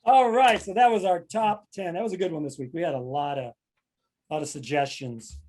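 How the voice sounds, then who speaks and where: A man hosting a loose, comedic podcast chat, playful and quick to act out remembered sayings. He grew up in Kentucky and talks with a somewhat high voice. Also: a little mellow. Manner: playful, jokey, acts out quotes. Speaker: podcast host.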